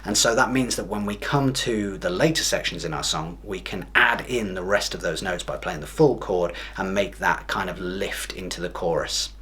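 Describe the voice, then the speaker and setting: A man explaining strumming in a guitar lesson, steady and methodical, counting beats aloud. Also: low voice, normal speed, few pauses. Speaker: guitar teacher. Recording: guitar music loud behind. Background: guitar playing.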